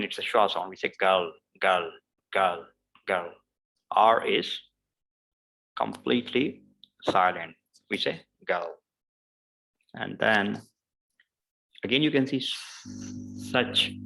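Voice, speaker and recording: A man teaches a pronunciation lesson slowly, repeating each example word several times and explaining patiently with frequent "obviously" and "uh". His voice is fairly low, creaky, and fairly bright in tone, and the recording quality is low.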